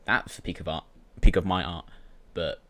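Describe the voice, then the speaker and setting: A British man talks through his gameplay in a loose, rambling way, stopping and restarting his sentences. His voice sits a little low for a man. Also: fairly even intonation, normal speed, a bit bright. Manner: rambling, full of fillers and restarts. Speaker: YouTuber. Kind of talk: casual gaming commentary.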